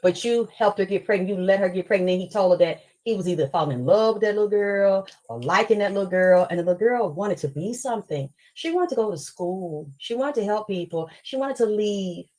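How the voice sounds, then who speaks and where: A woman's voice: mid-range voice, expressive, a little fast, few pauses, mellow, low-quality recording. A woman telling a story in an angry, profane live stream rant.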